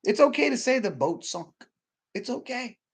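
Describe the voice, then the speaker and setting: A man's voice: extremely high pitch, very animated, normal speed, slightly rough. Rambling emphatic male preacher. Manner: rambling, repeats himself, restarts sentences. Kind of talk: informal sermon.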